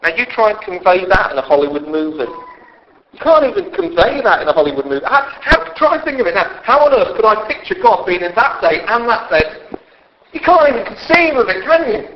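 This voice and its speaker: Male preacher, animated and chatty, slipping into voices; somewhat high voice, muffled church recording. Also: a little fast. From England. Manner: lively, conversational, acts out quoted voices. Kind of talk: sermon. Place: church hall. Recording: dull lo-fi sound with faint background hiss.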